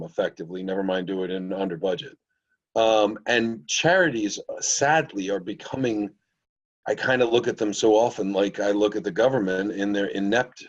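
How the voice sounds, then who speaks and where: A man with a fairly low voice, reflective yet opinionated as he speaks. He is a guest in a casual podcast chat. His audio comes through a muffled, lo-fi call line.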